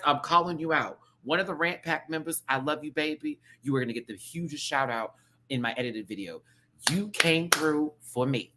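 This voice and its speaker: A man hosting a casual live-stream review, ranting to his viewers in a sassy, slangy, animated way that swings between loud bursts and soft asides. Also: a little high, moderate pace, background noise. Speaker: show review host.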